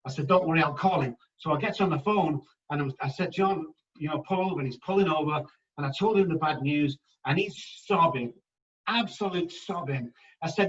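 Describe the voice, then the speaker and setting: A man with a fairly high voice talks as a podcast guest, leaning hard into his stories and repeating key lines for weight. He sounds a little off-mic, and the recording has a muffled, dull edge. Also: a little fast. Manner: emphatic, animated anecdotes. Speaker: guest addiction specialist. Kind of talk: podcast interview storytelling. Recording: slightly dull, distant mic.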